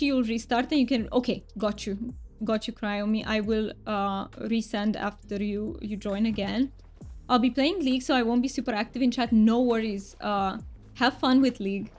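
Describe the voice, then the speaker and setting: A woman's voice: fairly high pitch, a little mellow, close to an everyday voice. Woman putting on a thick fake Romanian accent. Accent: put-on thick Romanian accent. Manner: playful, thanks viewers often. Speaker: game streamer. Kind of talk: casual live-stream chat. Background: faint background music.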